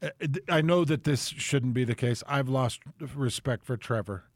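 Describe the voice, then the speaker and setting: A man's voice: medium pitch, normal speed, no room sound, studio quality. A man co-hosting a radio show, chatting casually and sounding incredulous, and he laughs easily. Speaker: radio co-host.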